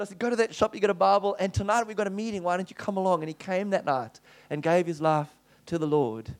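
A middle-aged male preacher with a high, light voice tells a story from the pulpit. He acts out the other people in his tale as he goes and keeps the sermon lively and animated.

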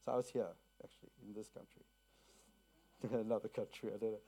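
A man's voice: on the low side, flat delivery, fairly quick, warm tone, breathy edge. A man from South Africa preaching a sermon to a congregation, telling a personal story, asking the listeners questions and repeating key phrases. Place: church to a congregation.

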